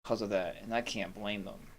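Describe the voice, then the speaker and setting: A gruff, weary sheriff of a fantasy city, read aloud by a man playing the game. He plods through his lines stiffly, tripping over words now and then. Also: lowish voice, steady tone, moderate pace.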